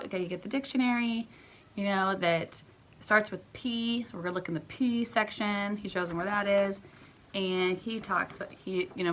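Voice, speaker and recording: A woman's voice: mid-range voice, a bit bright. Chatty woman homeschool teacher. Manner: chatty, often checks with "right?". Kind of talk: casual explanatory lesson talk. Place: home.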